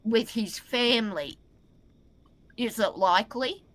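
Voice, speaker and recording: Bright-voiced woman trading teasing sports banter. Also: fairly high pitch, animated, slow pace, no room sound. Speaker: podcast co-host. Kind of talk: casual sports chat.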